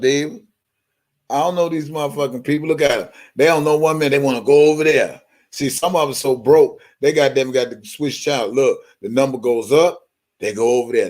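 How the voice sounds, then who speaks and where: A man's voice: mid-range voice, moderate pace. A man with a Baltimore accent, hosting a live stream in a profane, heated rant.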